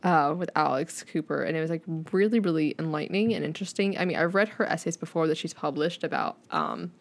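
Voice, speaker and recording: A woman's voice: sits low, fast talker, gravelly. A young woman co-hosting a casual chat podcast, teasing and blunt, with casual swearing. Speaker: podcast co-host.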